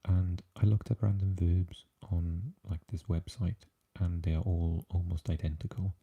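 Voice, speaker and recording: A man from South Wales with a South Welsh accent, hosting a whispered ASMR stream, softly chatting through viewer comments and slipping between whisper and low voice. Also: level tone, a little slow, gravelly, slightly rough, phone-quality sound. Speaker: ASMR livestream host.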